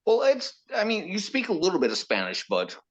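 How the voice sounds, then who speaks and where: A man's voice: sits high, wildly swooping pitch, a little fast. A man from California, blunt and joking and swearing freely in a casual podcast chat. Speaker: podcast guest.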